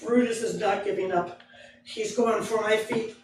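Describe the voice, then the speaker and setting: A woman storyteller telling a personal tale to a live audience, slow and dramatic with frequent chuckles. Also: mid-range voice, fairly even intonation. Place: library event room with live audience. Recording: echoey hall, distant mic, background noise.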